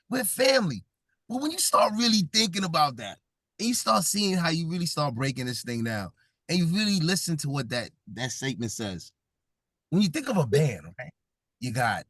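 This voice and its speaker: A man from Brooklyn, New York, with a fairly high, slightly bright voice gives a comedic motivational talk as an event speaker. He jokes, laughs often and keeps engaging the audience, captured in a dry, clean studio recording.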